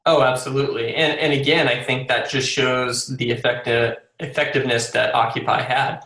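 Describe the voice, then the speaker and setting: Male interview guest, gravelly voice, earnest, often restarts, echoey room. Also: medium pitch, fairly even intonation, normal speed, sharp tone. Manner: earnest, many fillers and restarts. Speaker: guest author. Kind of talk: casual interview.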